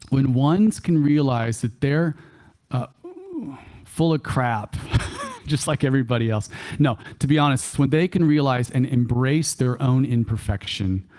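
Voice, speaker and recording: Male workshop speaker, Texan accent, mid-range voice, lively church talk with folksy asides and repeated key lines. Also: medium pitch. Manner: animated, repeats key phrases for emphasis; chuckles often, folksy asides. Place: church hall.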